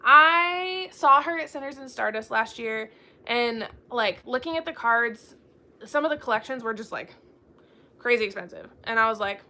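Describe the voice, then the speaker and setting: Young woman, book chat host, bubbly storyteller, bright and slightly high. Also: expressive, normal speed. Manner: bubbly storytelling, acts out quoted dialogue. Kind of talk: casual chat.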